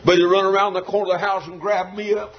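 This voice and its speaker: A man preaching a revival sermon with fervor, shouting and half-singing his lines in surges. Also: high-pitched, flat delivery, fast, a faint crowd. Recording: dull lo-fi recording.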